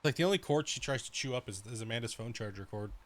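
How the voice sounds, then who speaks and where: A man's voice: mid-range voice, expressive, quick pace. Profane, rambling male game streamer. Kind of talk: casual chat during a live stream.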